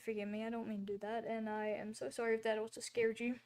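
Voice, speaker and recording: A woman's voice: fairly high pitch, little pitch movement, fast talker, hardly any pauses, a little mellow. A woman hosting a casual livestream, talking in a rambling, chatty way with lots of fillers and apologies. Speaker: livestream host.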